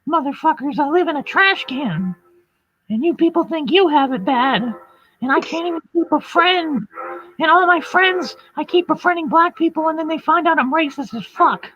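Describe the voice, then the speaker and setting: A woman's voice: high-pitched, animated, normal speed, fairly bright tone, voice pushed up. A woman putting on the voice of a ditzy, stammering woman she mocks, stumbling over repeated filler words. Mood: whiny babbling. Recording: dull lo-fi audio with music.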